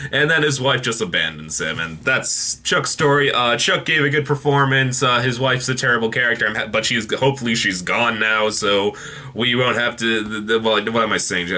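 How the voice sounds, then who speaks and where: A man's voice: lowish voice, bright, forceful tone. A man giving a casual, unscripted TV episode review, rambling with many fillers and restarts.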